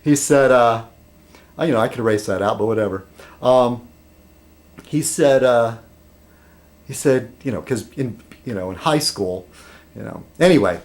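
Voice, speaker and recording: A man's voice: medium pitch, lively intonation, a little slow, long pauses. Guy rambling on his weekly vlog, voice bounces up and down a lot, dry jokes, loses his train of thought. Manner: meandering, self-interrupting, dry humor. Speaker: vlogger. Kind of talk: rambling casual monologue.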